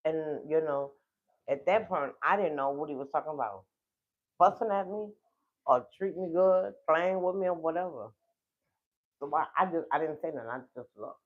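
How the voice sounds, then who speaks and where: A speaker with a New Orleans accent shares a heartfelt personal story with viewers. The delivery is emotional and drawn-out, and it often turns straight to the audience. The voice comes through a thin, phone-like livestream mic at a middle pitch. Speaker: livestream host. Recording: tinny phone-like livestream audio.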